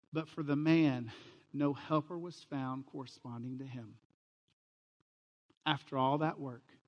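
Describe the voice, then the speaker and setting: A man's voice: medium pitch, long reverb tail, lo-fi sound. A middle-aged man, a pastor, preaching a sermon and telling stories, livening them with quoted voices. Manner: storytelling, animated with quoted voices.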